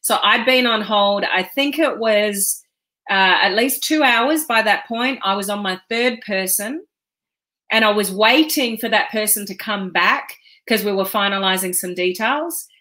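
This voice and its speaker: A woman's voice: mid-range voice, unhurried, bright, forceful tone. A woman business coach hosting a casual live stream, talking in a chatty, rambling way with frequent ums.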